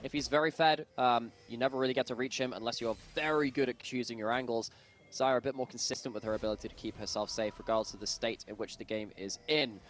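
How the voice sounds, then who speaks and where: Male esports caster, rapid delivery, playful commentary. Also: medium pitch, steady tone, a bit bright, a little hiss or hum. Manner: playful, jokey asides. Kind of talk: live play-by-play commentary.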